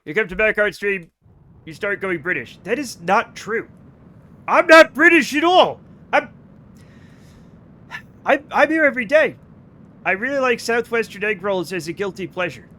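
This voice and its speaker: A high-pitched man in middle age, joking and swearing freely as he chats with his live audience. He is from the United States and keeps breaking into laughs. His delivery is loose and conversational. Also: animated, normal speed, pauses often, sharp tone. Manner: joking, profane, bursts into laughter. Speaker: streamer. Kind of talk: casual chat with live viewers.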